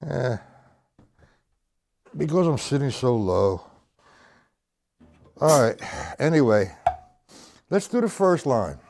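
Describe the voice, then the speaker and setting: A man teaching drums on a live stream, counting rhythms slowly aloud and chatting with his viewers. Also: mid-range voice, big pitch swings, creaky, darkish tone. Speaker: drum teacher. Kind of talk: live-streamed drum lesson. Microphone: single mic, sometimes hidden by his shirt.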